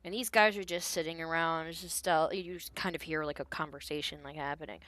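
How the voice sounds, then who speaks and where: A woman's voice: low voice, steady tone, fairly quick, few pauses, a bit bright, no room sound. A woman narrating a tabletop game as game master in a casual, rambling way. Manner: casual, lots of fillers.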